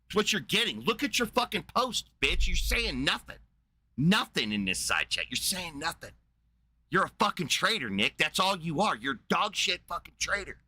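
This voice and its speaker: A livestream host unloads on a viewer in his chat, swearing and hurling insults nonstop. His voice is strikingly bright and sharp, sits a little high for a man, and leaps all over its range as he rants. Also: sing-song, fairly quick, few pauses, husky. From United States. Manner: shouting insults, heavy profanity, combative. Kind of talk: angry livestream rant.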